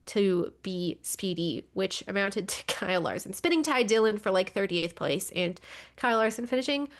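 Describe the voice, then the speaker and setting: A woman's voice: medium pitch, lively intonation, moderate pace. A woman co-hosting a motorsports podcast, talking through racing news in a wry, exasperated way and swearing casually. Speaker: podcast co-host.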